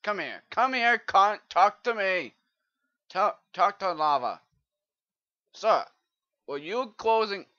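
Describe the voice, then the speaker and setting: A man putting on a fussy British-sounding voice to loudly scold villagers in a video game, over a dull lo-fi mic. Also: high voice, expressive, takes it slowly, pauses often, dry recording, voice pushed up, exaggerated voice. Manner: loud, shouty, exaggerated scolding.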